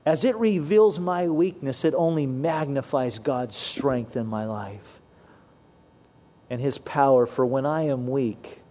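A man preaching a sermon, earnest and measured, slowing down and dropping his voice low when he quotes scripture. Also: a little mellow. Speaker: pastor.

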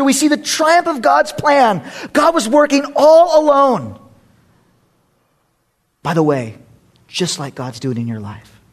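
A man preaching a sermon as a pastor, joking and conversational, often breaking into laughter. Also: sits high.

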